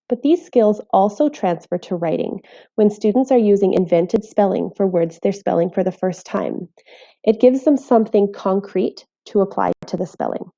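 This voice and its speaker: Mellow woman teaching phonics, dull recording. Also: medium pitch. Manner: clear, careful, sounding out letters. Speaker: literacy teacher. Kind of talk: scripted instructional voice-over.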